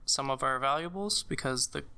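A young man telling a personal story in casual conversation, halting, with many fillers and restarts. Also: medium pitch, vocal fry, sharp tone, smooth. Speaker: guest sharing a personal story.

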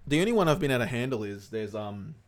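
A man's voice: medium pitch, big pitch swings, fast talker. A young man co-hosting a casual podcast, rambling and swearing freely as he chats. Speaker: podcast co-host. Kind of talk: casual chat.

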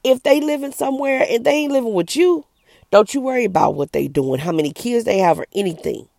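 A woman's voice: on the high side, expressive, a little fast, vocal fry, darkish tone, no echo, studio quality. A middle-aged woman who is an evangelist, giving an earnest, emphatic personal testimony straight to camera.

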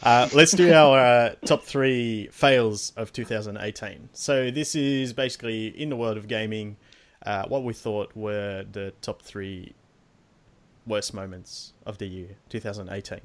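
A young man hosting a casual gaming podcast, swearing freely and slowing down to read out his list. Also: fairly low pitch. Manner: laid-back, swears freely, slows down to read out list items. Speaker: podcast host.

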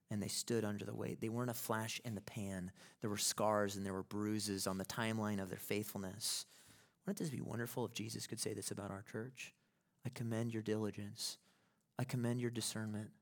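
A male pastor preaching a sermon in an emphatic way, building to impassioned peaks. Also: lowish voice.

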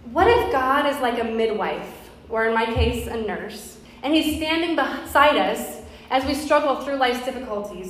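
Woman pastor giving a sermon, kinda high voice, super echoey hall, bit of hiss. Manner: earnest, conversational, with personal storytelling. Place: church sanctuary. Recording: very echoey hall with faint background noise.

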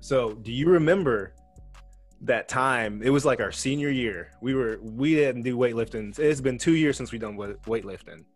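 A young man co-hosting a casual podcast, talking in a laid-back way and trailing off quietly. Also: mid-range voice, normal speed, faint music behind. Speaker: podcast co-host. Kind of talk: casual chat.

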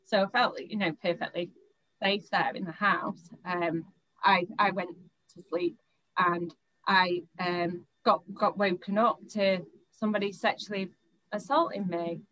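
A woman's voice: medium pitch, a little slow, bright, forceful tone, low-quality recording. A young woman, recounting a personal experience in an interview, often stopping, restarting and repeating words.

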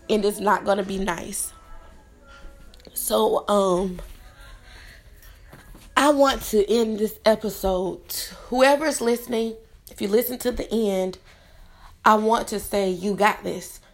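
A woman in her thirties hosting her own podcast, talking earnestly and from the heart to encourage her listeners. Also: medium pitch. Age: 30s. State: tearful at times. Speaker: podcast host. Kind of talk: motivational solo podcast talk.

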